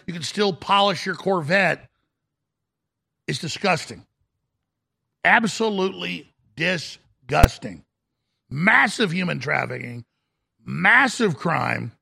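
A middle-aged man hosting a talk show, delivering an aggressive, shouting rant in a raspy voice. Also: high-pitched. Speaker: radio talk show host. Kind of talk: ranting talk-show monologue.

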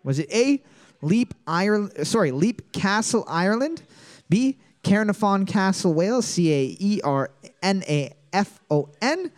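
A woman's voice: mid-range voice, lively intonation, a little slow, a little mellow. A woman hosting a casual trivia night, reading each question twice and trading crude, teasing banter with a co-host.

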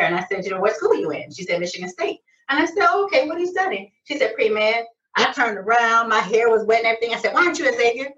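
A middle-aged woman from Detroit, a chiropractor, telling lively stories in a casual interview. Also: on the low side. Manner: animated storyteller, acts out quoted voices. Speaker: guest, chiropractor. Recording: distant lo-fi sound.

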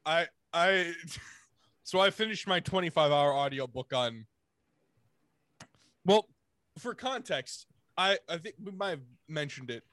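A man with a notably high-pitched voice bantering on a podcast and laughing often. He jokes and teases loosely. The recording is dry and close, with no room echo. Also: animated, unhurried, pauses often, a bit bright. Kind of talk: casual chat.

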